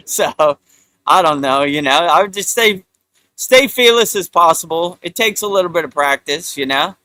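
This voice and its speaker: Bright man rambling casually. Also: on the high side, animated, moderate pace, no room sound. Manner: rambling, repeats "you know", mocking put-on voices. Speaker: spiritual talk host. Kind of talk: casual live-stream monologue.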